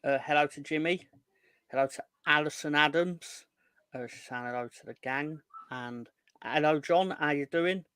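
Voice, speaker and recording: A man's voice: fairly high pitch, moderate pace, a bit bright, clear, resonant tone, no room sound. A man co-hosting a casual fan podcast, jokey, greeting viewers one by one. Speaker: co-host.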